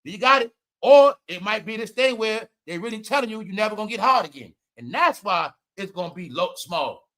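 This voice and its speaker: Loud high-voiced man ranting with laughter. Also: lively intonation, brisk. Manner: loud, laughs often, swings between shouting and muttering; profane, talks straight to the audience. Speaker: online commentator. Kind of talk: casual comedic commentary.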